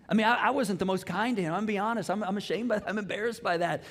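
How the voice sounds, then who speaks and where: A middle-aged man preaching a sermon, telling a story with lively acted-out dialogue in a church auditorium. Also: high-pitched, racing, hardly any pauses, a little hiss or hum. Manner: animated storytelling, acts out dialogue. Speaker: pastor. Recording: long hall reverb.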